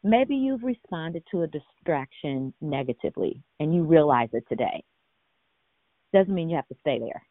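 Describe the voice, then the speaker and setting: A woman's voice: low-pitched, expressive, moderate pace, no room sound. Earnest woman preaching over a phone line. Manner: earnest, direct, with frequent restarts and rhetorical questions. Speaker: minister leading a prayer call. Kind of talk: conversational sermon on a call. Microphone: phone or conference call.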